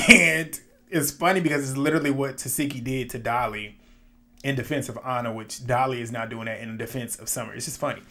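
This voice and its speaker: A man giving a casual, opinionated recap of a reality show episode, animated, often laughing and swearing. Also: mid-range voice, brisk.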